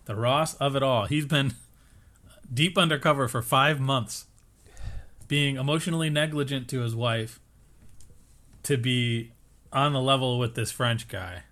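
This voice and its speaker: A man's voice: medium pitch, a little slow, long pauses, fairly bright tone. A man co-hosting a podcast, recapping a TV episode in casual chat with wry, joking asides. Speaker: podcast co-host.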